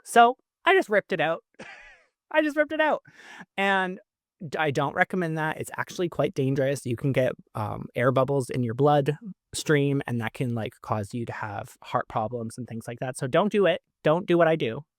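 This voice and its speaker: This mid-range, animated male voice belongs to a Canadian podcast host casually recounting something from his own life at a moderate pace. He laughs between lines and leans heavily on "like." It's a dry, studio-quality recording.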